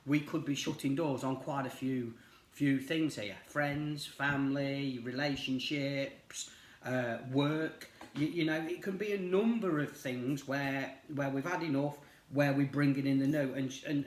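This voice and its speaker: A man's voice: medium pitch, slight background noise. A middle-aged man doing a tarot reading, talking casually and rambling, with lots of fillers and restarts. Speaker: tarot reader. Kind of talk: casual chat while reading cards. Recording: roomy echo.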